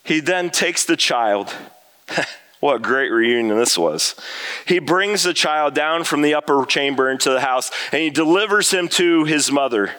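A man preaching a sermon with a high, bright voice. He is earnest and emphatic, pushing his pitch up hard when he speaks prayers aloud, and he often breaks into light laughter between lines. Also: a little slow, clean tone. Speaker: pastor.

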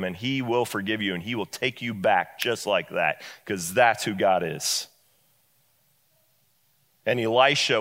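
A man preaching a sermon, retelling a Bible story in a lively way and acting out the characters. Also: mid-range voice, big-room sound. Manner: animated storytelling, acts out the characters.

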